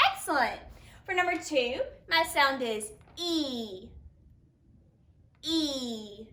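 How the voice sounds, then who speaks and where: A woman teaching a phonics lesson, slowly sounding out letters and praising her students. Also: fairly high pitch, sharp tone. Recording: echoey room, mic at a distance.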